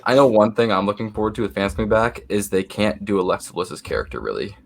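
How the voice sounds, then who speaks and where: Hesitant young man, low voice. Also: fast, gravelly. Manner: hesitant, lots of fillers and repeats. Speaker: podcast co-host. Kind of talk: casual chat.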